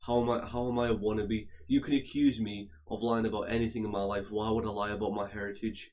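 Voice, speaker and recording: A young man from England with a low voice delivers a rambling, argumentative rant. His pitch barely moves, so it comes out flat and level. He keeps circling back and repeating himself. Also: quick pace, highs cut off, a little hiss or hum. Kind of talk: casual rant to camera.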